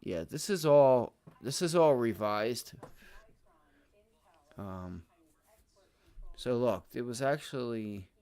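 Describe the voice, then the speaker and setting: With a mid-range, expressive voice that's smooth and darkish, a man speaks slowly and pauses often while live-streaming from his desk. As a day trading host he rambles casually over stock charts, cursing under his breath when things go wrong, then returning to viewers with frequent "right?" and "my friend."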